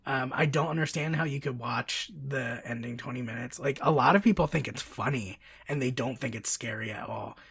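Brief: excitable podcast co-host, woman, raspy with fry. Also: extremely low pitch, a little fast, hardly any pauses, no echo, studio quality. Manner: excitable, chatty, many fillers and restarts. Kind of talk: casual chat.

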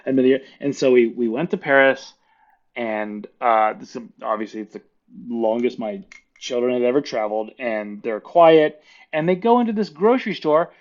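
A middle-aged man from Florida, a podcast guest telling stories in casual chat, lively and laughing often as he acts out quoted voices. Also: medium pitch, normal speed, muffled recording.

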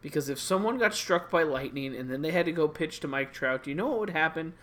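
A man's voice: a little high, lively intonation, quick pace, fairly bright tone. A man co-hosting a podcast in casual chat, rambling with playful exaggeration and jokes. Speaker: podcast co-host.

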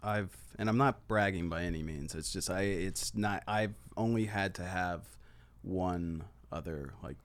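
A man's voice: low voice, unhurried, clear, resonant tone. A man who is a guest on a podcast, telling self-deprecating stories in casual chat and acting out the people in them.

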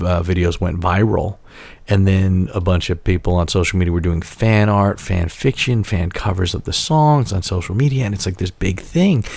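A man in his forties rambling and swearing through casual podcast chat, his stories loose and animated. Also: low voice, creaky, no echo. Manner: rambling, profane, animated storytelling. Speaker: podcast co-host.

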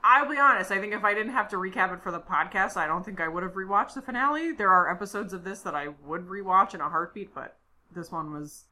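A woman's voice: mid-range voice, quick pace, bright, forceful tone. A woman co-hosting a podcast, chatting casually as she recaps an episode with lots of fillers. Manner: chatty, filler-heavy storytelling. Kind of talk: casual chat.

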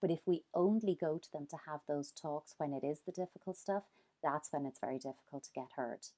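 A woman's voice: sits low, a little fast, dark tone. A woman giving earnest parenting advice in a conversation, acting out examples as she goes. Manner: earnest, explains with quoted examples. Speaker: parenting expert guest.

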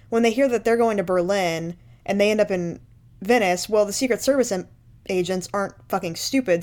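A woman's voice: mid-range voice, darkish tone. A woman casually recapping a movie for a podcast, sarcastic and profane, laughing often. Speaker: podcast co-host.

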